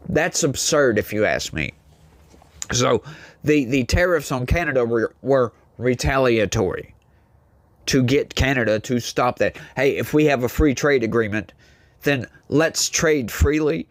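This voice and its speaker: A man's voice: mid-range voice, a little slow, no room sound, clean studio sound. A man, hosting solo political commentary, reading news aloud and reacting with exasperated, incredulous outbursts. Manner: exasperated, incredulous, repeats his points.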